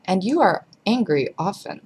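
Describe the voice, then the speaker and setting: A woman reading aloud, voicing a gentle young girl who pleads softly. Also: mid-range voice, very animated, normal speed, a little hiss or hum, close to an everyday voice.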